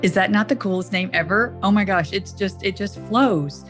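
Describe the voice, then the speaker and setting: A woman's voice: medium pitch, normal speed, faint music behind. A woman with a Southern accent hosting a podcast interview, gushing and enthusiastic. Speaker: podcast host.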